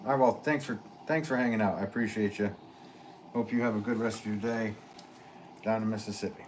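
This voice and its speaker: Low-voiced man chatting on a livestream. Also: fairly quick. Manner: relaxed, rambling, chatty. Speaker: potter hosting a livestream. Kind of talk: casual live-stream chat reading comments. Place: pottery studio. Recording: noisy background.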